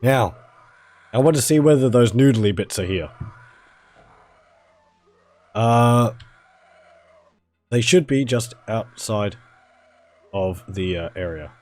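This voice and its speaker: A man with a mild Australian accent and a hoarse, fading voice, chatting casually to viewers while streaming a video game. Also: on the low side, expressive, takes it slowly, pauses often, darkish tone. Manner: chatty, rambling, talks to chat viewers.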